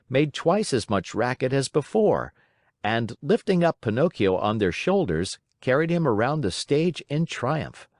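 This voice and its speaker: Man narrating a storybook, lively up and down delivery, dry close mic. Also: mid-range voice, no room sound. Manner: expressive, dramatic reading. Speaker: audiobook narrator.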